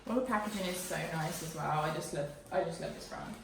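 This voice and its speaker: A woman's voice: on the low side, quick pace, far from the mic, noisy background. Breathless, gushing pregnant vlogger, young adult woman; camera a few feet back in an echoey living room. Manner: excited, gushing, casual. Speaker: parenting vlogger. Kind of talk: unboxing vlog. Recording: echoey room, camera mic away from her.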